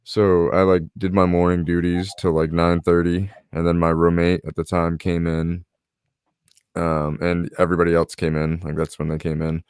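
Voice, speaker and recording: A man's voice: low voice, completely flat delivery, moderate pace, a little mellow, clear, resonant tone, dry recording, studio quality. A young man hosting a podcast, telling a personal story in casual chat and acting out what others said. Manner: storytelling, acts out quoted voices. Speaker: podcast host.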